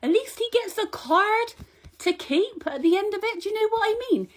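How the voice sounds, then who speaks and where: A woman's voice: extremely high pitch, lively intonation, normal speed. A young woman delivering a comic monologue to camera, chatty, indignant and rambling like she is gossiping. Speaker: comic vlogger.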